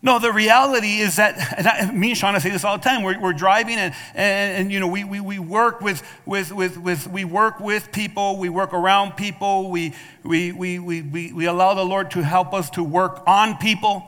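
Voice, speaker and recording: This male pastor speaks in a high, steady, sharp-toned voice at a moderate pace with few pauses. His sermon, delivered in a church sanctuary with long hall reverb, calls on the congregation for responses and often restarts his words with repeats.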